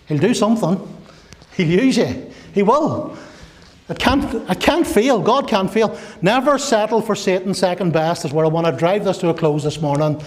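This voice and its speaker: A male pastor with a high, bright voice delivers an impassioned sermon in a church. He builds to fervent, repeated declarations and briefly slips into voices of God, Satan and his listeners. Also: moderate pace.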